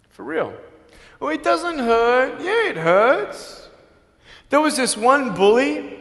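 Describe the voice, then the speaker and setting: A man with an Australian accent giving a live motivational speech, telling his story emphatically and swinging between loud and hushed. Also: sits high. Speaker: motivational speaker. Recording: long hall reverb.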